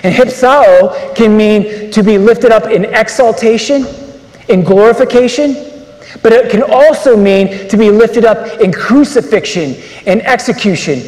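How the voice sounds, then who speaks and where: A man's voice: high voice, darkish tone. A man speaking at a men's conference, giving an inspirational religious talk and preaching emphatically with rhetorical questions. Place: large conference hall. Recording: echoey hall reverb.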